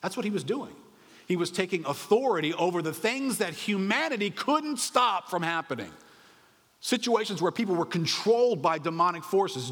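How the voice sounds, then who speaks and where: A man preaching a sermon in an animated, conversational way, often asking the audience rhetorical questions. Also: a little high, long reverb tail. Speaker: pastor.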